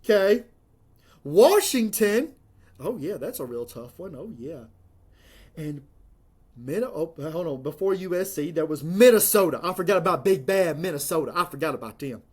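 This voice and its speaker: College football commentator, sarcastic rambling rant, middle pitch. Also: lively intonation, normal speed, slightly rough. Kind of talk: sports rant to camera.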